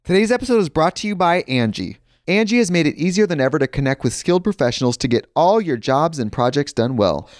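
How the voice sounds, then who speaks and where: A man's voice: on the high side, animated, fast, no room sound, studio quality, soft background music. Man casually reading an ad. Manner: chatty, anecdotal. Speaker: ad reader. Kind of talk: casual ad read.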